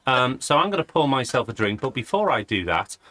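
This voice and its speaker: A man hosting a live online show, chatty and teasing, with quick jokes at his guests. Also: medium pitch, big pitch swings, bright, forceful tone, no echo. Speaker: host.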